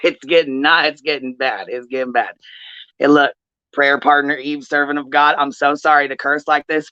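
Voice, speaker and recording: A woman's voice: low voice, steady tone, moderate pace, sharp tone, smooth, no echo. A woman hosting a livestream commentary, ranting in a heated, profane way. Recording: dull, dry lo-fi stream audio.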